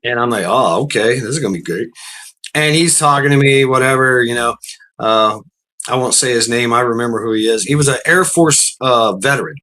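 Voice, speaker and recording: A man tells stories casually, with plenty of cursing and repeated starts. His voice sits at a middle pitch and has a bright, forceful edge. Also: fairly quick. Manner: profane, rambling, repeats words. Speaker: storyteller. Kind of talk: casual storytelling.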